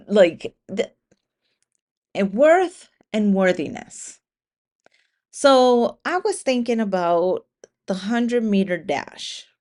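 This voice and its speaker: A woman hosting a solo motivational podcast, talking casually with lots of swearing and acting out the inner voices of imagined runners. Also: mid-range voice. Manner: animated, profane, acts out imagined racers' thoughts. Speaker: podcast host.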